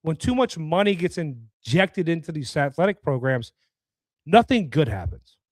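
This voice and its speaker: A man's voice: a little high, sing-song, normal speed, dry recording, studio quality. Blunt, opinionated sports talk man. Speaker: podcast host. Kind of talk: casual sports talk show rant.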